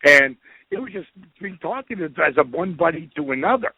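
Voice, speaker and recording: Man, middle-aged, fairly high voice, swears a lot, acts out quotes, tinny phone-like sound, dry. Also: fairly quick, creaky, breathy edge, dry recording. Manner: profane, animated, acts out quotes. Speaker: podcast guest. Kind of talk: casual storytelling.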